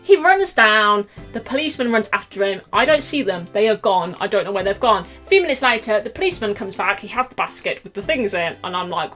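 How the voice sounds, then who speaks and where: A young woman vlogger telling chatty storytime anecdotes, animated and giggly, acting out quotes loudly. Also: medium pitch, fairly quick, few pauses, faint music behind.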